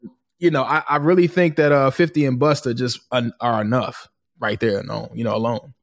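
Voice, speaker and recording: A man's voice: medium pitch, fairly even intonation, fairly quick, vocal fry. A man co-hosting a podcast in casual chat, earnest and rambling. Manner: earnest, rambling, with many fillers. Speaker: podcast co-host.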